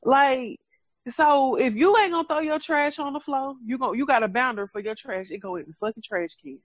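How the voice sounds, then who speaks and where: A woman's voice: high voice, fairly quick, no echo. A woman co-hosting a casual chat, speaking frankly, swearing freely and laughing often.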